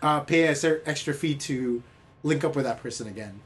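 A man's voice: medium pitch, brisk. A man co-hosting a casual podcast chat, joking and laughing often. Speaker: podcast co-host.

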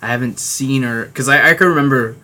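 A man in a casual podcast chat, speaking in a relaxed, measured way. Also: mid-range voice.

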